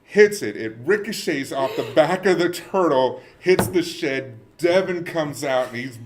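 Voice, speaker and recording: A man's voice: fairly high pitch, measured pace, background noise. A man in his thirties telling a story in casual podcast chat and acting out the quoted lines. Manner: animated, acts out quoted lines.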